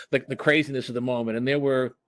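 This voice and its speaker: A man's voice: medium pitch, fairly even intonation, normal speed, fairly bright tone. An older man, a former emergency department chair, telling chatty hospital anecdotes with laughs and restarts over a video call. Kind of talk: casual storytelling on a video call.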